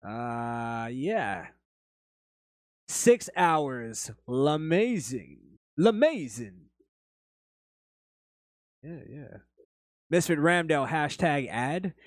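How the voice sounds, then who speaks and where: A man's voice: mid-range voice, expressive, drawn-out words, pauses often, no echo, studio quality. A man hosting a podcast, reading chat comments and telling rambling stories in a blunt, profane, casual way. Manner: blunt, swears freely, rambling anecdotes.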